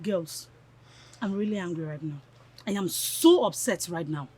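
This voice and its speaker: A woman's voice: fairly low pitch, lively intonation, moderate pace, darkish tone, soft background music, close to an everyday voice. A Nigerian actress playing a spiteful, scheming young woman who scolds and insults her friends in a film drama. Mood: aggrieved. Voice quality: scornful, insulting.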